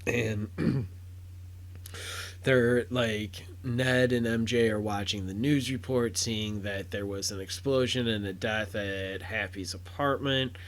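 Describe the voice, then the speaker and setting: Slow, rambling man reviewing a film. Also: on the low side. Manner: rambling, many fillers and restarts; gets loud and excited at big moments. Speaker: podcast host reviewing a film. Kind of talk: casual spoken review.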